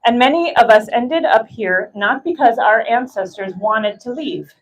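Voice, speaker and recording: A woman's voice: on the high side, lively intonation, a little slow, low-quality recording. An American woman giving an impassioned rally speech, emphatic and building through repetition. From United States. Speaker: rally speaker.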